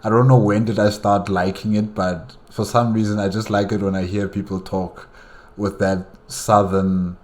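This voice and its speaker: A man's voice: lowish voice, little pitch movement, moderate pace, a little mellow. A man hosting a reaction video, commenting casually in a rambling way with many fillers.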